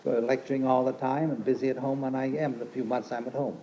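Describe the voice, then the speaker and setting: A man's voice: medium pitch, little pitch movement, fast talker, mellow. Older man giving a folksy sermon on old tape. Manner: rambling, folksy, emphatic when quoting scripture. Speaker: lay preacher and teacher. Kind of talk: informal sermon. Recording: dull lo-fi archive recording with faint hiss.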